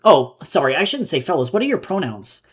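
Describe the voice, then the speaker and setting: A man voicing an unhinged male robot in a live reading of his own novel, yelling melodramatically with a put-on accent. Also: on the high side, sing-song, a little fast. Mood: chipper. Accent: put-on Terran accent.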